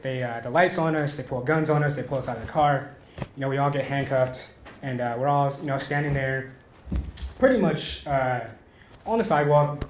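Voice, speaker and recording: A man tells a story during his stand-up set, chuckling at his own lines. His voice sits a little high. The room is echoey, with a faint hiss underneath. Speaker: stand-up comedian. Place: small comedy venue stage.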